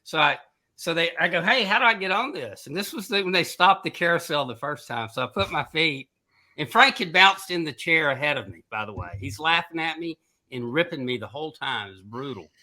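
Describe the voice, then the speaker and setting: A middle-aged man with a bright, ringing voice spins a casual anecdote as a podcast co-host. His pitch swoops all over as he tells the story, and he breaks into laughter at his own tale. His voice sits a little higher than most men's. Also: fairly quick. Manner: animated storyteller who laughs through his own stories and mimics others' voices.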